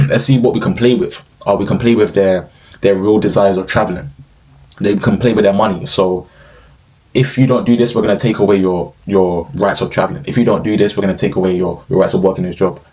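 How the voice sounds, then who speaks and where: A man's voice: sits low, steady tone, fairly quick, a little mellow, low-quality recording. A young man giving slangy, profane, exclaiming commentary in a casual rant.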